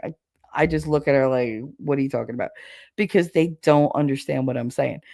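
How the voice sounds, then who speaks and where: Low-voiced chatty woman livestreamer, thick American accent. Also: darkish tone, dry recording, studio quality. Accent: thick regional American accent. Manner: chatty, swears casually, laughs often. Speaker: livestream host. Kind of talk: casual chat. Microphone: livestream setup.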